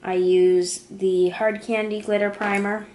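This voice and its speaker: A woman's voice: mid-range voice, flat delivery, a little slow, darkish tone. A woman casually talking through a makeup tutorial, describing each step as she applies it. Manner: chatty, talks through each step while applying makeup. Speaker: beauty vlogger. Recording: echoey room.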